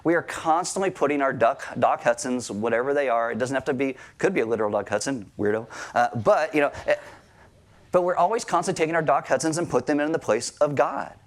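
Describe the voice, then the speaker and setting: A married pastor talks fast in a medium-pitched voice as he preaches to a congregation during a church service. His style is conversational, with questions directed at the crowd and a few light jokes.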